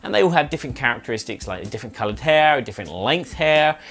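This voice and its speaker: A man's voice: mid-range voice, big pitch swings, fast talker, a bit bright. Chatty man rambling about board games. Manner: chatty, rambling explanations with fillers and self-corrections. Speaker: board game reviewer and channel host. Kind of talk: casual monthly review chat.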